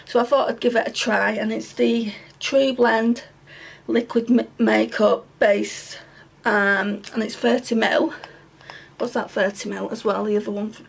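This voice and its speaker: A woman's voice: mid-range voice, creaky. A British woman vlogging a casual makeup review, out of breath and with a sore throat, chatty and rambling with many ums. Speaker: beauty vlogger.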